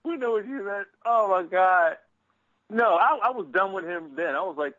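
A man's voice: high voice, animated, normal speed, sharp tone, no echo, muffled recording. A man with a Philadelphia accent, co-hosting a casual chat, profane and rambling. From US Northeast. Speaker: podcast co-host.

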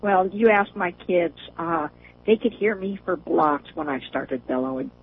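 A woman's voice: lowish voice, lively intonation, unhurried, breathy edge. An older woman calling in to a show, chatting casually and laughing often as she talks. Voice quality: laughs often while talking. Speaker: caller. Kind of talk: casual phone chat. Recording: tinny phone line with faint hiss.

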